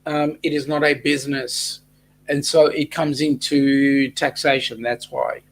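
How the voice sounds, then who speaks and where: A man's voice: fairly high pitch, little pitch movement, unhurried, rough recording. An Australian man hosting a casual livestream chat, reading out viewer comments and answering them. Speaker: host of a weekly cruise chat livestream.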